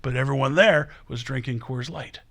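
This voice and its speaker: Man, podcast co-host, bright tense tone, casual rambling talk. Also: medium pitch, normal speed, gravelly. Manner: discursive, opinionated rambling. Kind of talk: casual chat.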